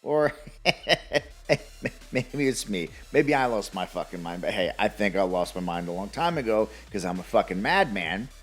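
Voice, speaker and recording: A man's voice: on the low side, animated, normal speed, few pauses, slightly rough, soft background music. Heated, cursing gaming vlogger man. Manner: heated, sarcastic, profane. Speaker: gaming commentator. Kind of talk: opinion rant to camera.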